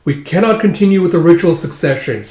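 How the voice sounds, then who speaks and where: A man voicing a grave old male high priest who announces things in a solemn, formal manner, recorded in a roomy space. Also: animated, fast, a little mellow, close to an everyday voice. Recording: roomy echo.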